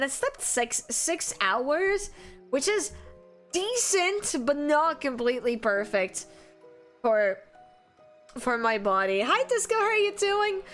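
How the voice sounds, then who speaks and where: A woman streamer, chatting casually with viewers and greeting them with excited squeals. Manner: bubbly, greets chat with high excited squeals. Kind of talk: casual live-stream chat.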